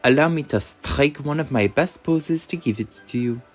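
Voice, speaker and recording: A man's voice: a little high, normal speed, faint music behind, voice pushed up, lightly acted. A man putting on a vain gym leader lady with a mock French accent. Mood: grand. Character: elegant vain woman gym leader, makeup artist.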